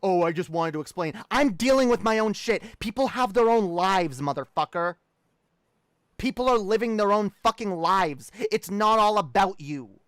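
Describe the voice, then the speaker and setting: A man's voice: sits high, expressive, normal speed, a bit bright, smooth, no echo. A man streaming, ranting heatedly and swearing a lot. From Canada. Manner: heated, profane, repetitive. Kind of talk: ranting livestream talk.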